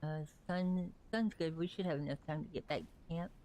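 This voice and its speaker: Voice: medium pitch, a little fast, darkish tone. Chatty, rambling livestreamer. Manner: rambling, chatty, talks to characters in the game and to viewers. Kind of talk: casual live gameplay chat.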